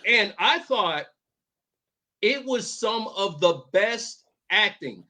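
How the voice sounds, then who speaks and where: A man's voice: sits high, animated, takes it slowly, sharp tone. A man co-hosting a podcast, chatting casually, asking questions and giving his opinions. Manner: asks questions and gives opinions. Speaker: podcast co-host. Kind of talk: casual chat.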